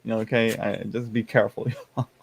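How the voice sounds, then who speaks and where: A man's voice: on the low side, little pitch movement, a little fast, creaky. A man hosting a casual live stream, chatting with viewers, laughing often and reading the chat aloud. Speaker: tarot livestream host.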